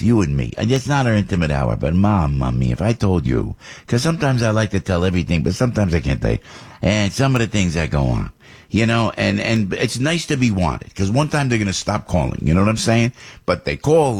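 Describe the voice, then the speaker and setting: A man hosting a morning radio show, chatting in a rambling, animated way and jumping into high voices when he quotes people, from a studio microphone. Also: breathy edge. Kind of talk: casual morning radio chat.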